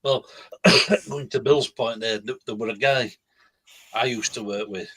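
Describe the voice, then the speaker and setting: A man's voice: mid-range voice, measured pace, fairly bright tone, husky. A man co-hosting a casual live-stream chat, blunt and swearing, with emphatic agreement. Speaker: co-host.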